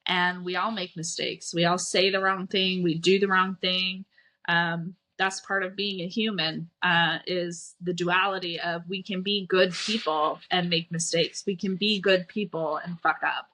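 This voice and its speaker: A woman's voice: on the low side, fairly even intonation, a little slow, sharp tone. A woman life coach and podcast host, talking frankly and reflectively in a solo monologue, swearing casually and often asking "right?".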